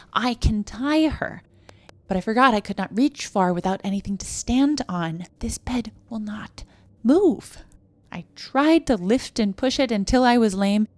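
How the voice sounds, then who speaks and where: A woman reading a classic short story aloud, slipping between hushed whispers and sudden emphatic outbursts. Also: mid-range voice. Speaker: audiobook reader.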